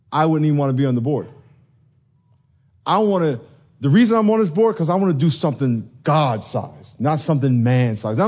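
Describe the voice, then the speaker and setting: A man preaching a sermon, telling stories with animated energy and acting out the quoted voices. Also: on the high side. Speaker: pastor.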